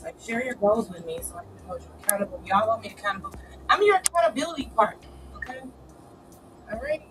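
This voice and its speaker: Coming down with a cold and sniffly, this woman hosts a live writing session in casual live-stream chat, encouraging and playful, peppered with "y'all" and "child." Her voice is a little high. Slight background noise sits under a low-quality recording.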